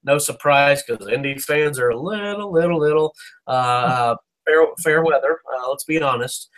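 A man's voice: medium pitch, moderate pace, a bit bright. A man co-hosting a casual sports podcast, ranting with heat, swearing and stumbling over restarts. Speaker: podcast co-host.

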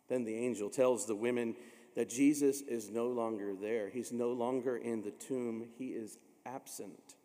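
A man's voice: mid-range voice, moderate pace, mellow, long reverb tail. A man from Illinois preaching a sermon, telling stories dramatically and acting out the voices of the people in them. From Illinois, USA. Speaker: pastor.

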